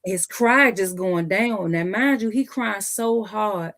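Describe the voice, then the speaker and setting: Animated woman telling a family story. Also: medium pitch, takes it slowly. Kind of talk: casual storytelling.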